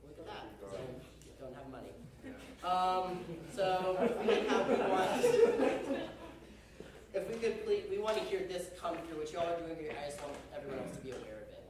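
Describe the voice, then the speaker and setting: A young man leads a band rehearsal with a chatty, joking manner, calling everyone "y'all" as he gives directions. His voice is on the high side and very animated at a moderate pace. Crowd noise is present, and the hall sounds very echoey and distant.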